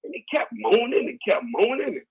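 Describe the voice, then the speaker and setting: High-voiced, husky man preaching on radio. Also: fairly quick, lo-fi sound. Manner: folksy storytelling, rising to shouted preaching. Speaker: radio talk show host. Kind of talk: preachy call-in radio talk.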